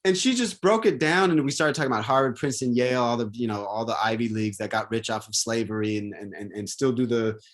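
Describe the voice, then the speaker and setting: A man in casual conversation, rambling and animated, with many restarts and fillers. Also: medium pitch, quick pace, few pauses.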